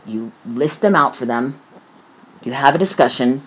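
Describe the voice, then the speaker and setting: Heated and emotional, a middle-aged mother discusses her son, swearing without restraint and mimicking how others talk. She has a bass voice and speaks expressively at a moderate pace.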